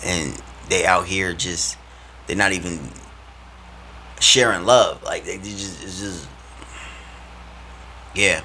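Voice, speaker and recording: A man in a relaxed vlog who preaches with plenty of slang and animated emphasis. His voice sits fairly low. Faint ambient noise sits behind him. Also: slow, pauses often. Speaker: vlogger. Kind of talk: casual faith talk to camera.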